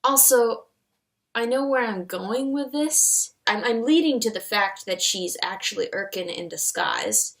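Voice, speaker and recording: A woman who reads aloud her old fan fiction and mocks it in a wry, self-mocking way. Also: mid-range voice. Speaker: fanfiction author reviewing her own story. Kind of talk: comedic commentary and reading aloud.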